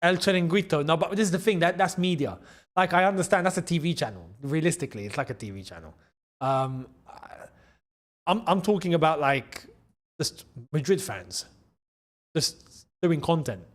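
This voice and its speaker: A man hosting a live football watchalong, excitable and chatty, repeating his phrases and laughing often. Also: fairly high pitch, moderate pace, pauses often. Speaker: host.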